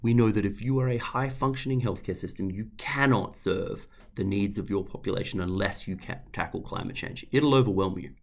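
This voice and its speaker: A man with an Australian accent giving an energetic webinar presentation, stressing key points through repetition. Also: lowish voice, fairly quick, hardly any pauses. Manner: energetic, emphatic, repeats key phrases. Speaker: guest speaker.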